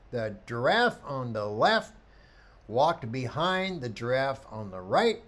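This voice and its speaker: Animated storytelling photography teacher, man. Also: fairly high pitch. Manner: animated storyteller, acts out quoted voices. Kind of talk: lively photography talk with anecdotes.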